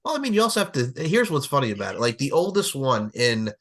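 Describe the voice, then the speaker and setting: Excitable middle-aged man hosting a chat. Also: mid-range voice, quick pace. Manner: excitable, swears, laughs often. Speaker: podcast host. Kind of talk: casual chat.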